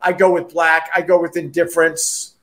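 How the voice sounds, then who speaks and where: A man hosts a loose, casual chat at a bar. His voice sits on the high side, and he jokes, rambles and laughs easily. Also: level tone, a bit bright. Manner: jokey, rambling, quick to laugh. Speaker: show host. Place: bar in New York City.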